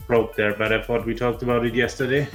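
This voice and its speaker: A man's voice: mid-range voice, little pitch movement, fast, faint music behind, poor audio. A man co-hosting a casual podcast, reading history facts and making dry, offhand remarks. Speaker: podcast co-host.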